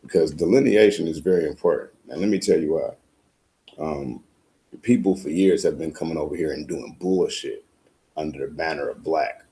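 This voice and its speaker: A man's voice: extremely low pitch, moderate pace, dark tone. A man hosting a late-night show, talking in a blunt, profane, emphatic monologue. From United States. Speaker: podcast host. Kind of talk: casual monologue.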